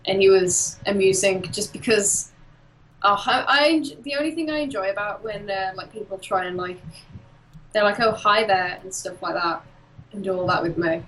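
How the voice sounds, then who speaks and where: A woman from the UK casually chatting on an art stream, telling animated stories and acting out quotes. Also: medium pitch, moderate pace, a little hiss or hum, poor audio. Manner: animated storyteller, acts out quotes and laughs often. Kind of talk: casual chat while drawing.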